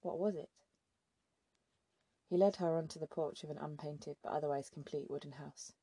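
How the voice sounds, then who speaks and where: A woman narrating an audiobook in a steady, measured way. Her voice is gravelly and husky, dark in tone, with a flat, even line. The sound is dry and close. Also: deep voice, no room sound. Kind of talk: scripted narration.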